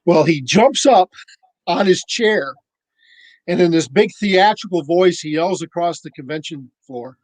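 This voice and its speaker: A man on a podcast telling a casual, animated story and acting out the voices of the people in it. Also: on the high side, measured pace, no room sound, low-quality recording. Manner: animated anecdote-teller, acts out quoted voices. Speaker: podcast cohost.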